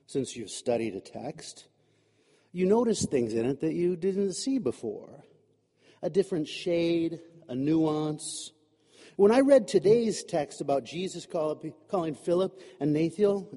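A man with a high, mellow voice preaches in a relaxed, joking, conversational way. He fills his talk with "you know" and asides. His voice rings with a long echo, as from a church hall. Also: breathy edge. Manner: chatty and humorous, many fillers like "you know". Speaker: pastor. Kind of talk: conversational sermon. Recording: echoey hall.

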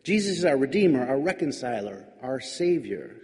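A man's voice: medium pitch, very animated, moderate pace, a little mellow. A male pastor giving a reflective sermon, musing aloud with wry, questioning asides. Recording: long hall reverb.

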